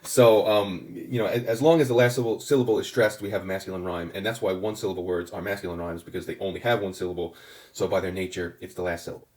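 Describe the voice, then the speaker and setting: Male songwriting teacher, low voice, patient and methodical, roomy echo. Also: steady tone, fast, darkish tone. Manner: patient, methodical, with frequent fillers and restarts. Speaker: songwriting instructor. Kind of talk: explanatory lesson.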